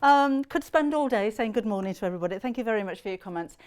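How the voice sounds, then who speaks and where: A woman's voice: medium pitch, expressive, fast, smooth. A middle-aged British woman presenting a live shopping show, chatting to viewers with plenty of ums and laughs. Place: TV studio.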